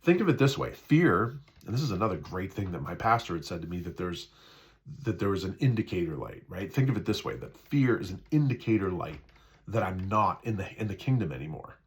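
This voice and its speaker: His voice sits low and moves through wide pitch swings at a slightly fast clip. In this relaxed spiritual talk he chats, goes over the same points again, and keeps checking in with "right?" He also performs the inner voices in people's heads as he quotes them.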